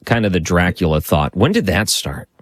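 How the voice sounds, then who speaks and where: A man's voice: sits low, very animated, moderate pace, no room sound. A man hosting an interview, asking curious follow-up questions. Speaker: host.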